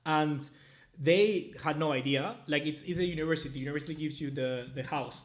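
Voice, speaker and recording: Man, twenties, live-stream football review host, rambling, casual, cursing, voice a bit high. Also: a little fast. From Latin America. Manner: casual, rambling, swears freely. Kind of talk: live-stream match review, reading viewer chats.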